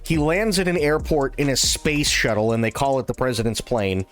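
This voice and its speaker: A man streaming live, casually retelling a film in an animated, irreverent way with plenty of swearing. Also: mid-range voice, normal speed.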